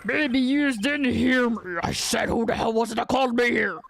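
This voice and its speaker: A woman voicing a gruff, menacing male mobster with a rough Brooklyn accent, reading game dialogue aloud. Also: on the high side, moderate pace. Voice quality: rough, threatening, ungrammatical.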